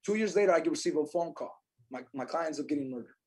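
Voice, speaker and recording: A man tells stories at a rapid clip in a slightly husky, fairly high voice. He swings between hushed, somber stretches and loud, emphatic bursts. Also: lively intonation. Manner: fast, emphatic, swings between quiet sorrow and loud energy. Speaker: podcast guest, insurance agent. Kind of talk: animated storytelling.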